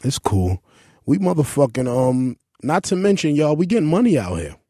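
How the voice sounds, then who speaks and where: A man's voice: moderate pace, no room sound. Brash profane man, dry room. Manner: brash, profane, animated storytelling with sudden high-pitched outbursts. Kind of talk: casual chat.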